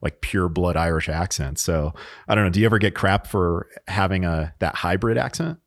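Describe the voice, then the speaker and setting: Male host, very low voice, easygoing and friendly, rambles through questions. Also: moderate pace. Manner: rambling, restarts phrases, friendly. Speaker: podcast host. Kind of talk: casual interview chat.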